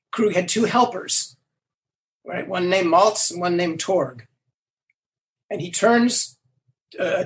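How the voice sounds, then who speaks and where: An older man, a language creator, answering interview questions with animated stories and acting out the quoted lines. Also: high-pitched, poor audio.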